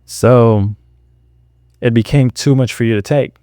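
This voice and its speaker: A man's voice: mid-range voice, unhurried, warm tone, no room sound, studio quality. A man giving sarcastic reaction commentary, lecturing his viewers and acting out quotes.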